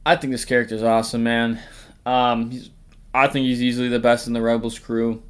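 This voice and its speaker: A man's voice: medium pitch, level tone, fairly quick, clean tone. A man hosting a casual tier-list ranking, talking in a rambling, jokey way, swearing often and sometimes trailing off into mumbles and whispers. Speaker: host.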